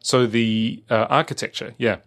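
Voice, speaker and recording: A man's voice: medium pitch, fairly even intonation, moderate pace, fairly bright tone. A man with an Australian accent, chatting casually as a podcast co-host, rambling with lots of fillers and restarts. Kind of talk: casual chat.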